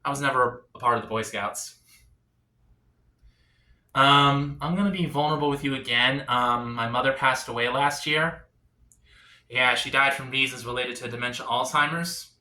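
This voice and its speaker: A man performing a stand-up comedy set, delivering confessional setups deadpan and then swinging into sudden punchlines. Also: medium pitch, moderate pace, pauses often, roomy sound.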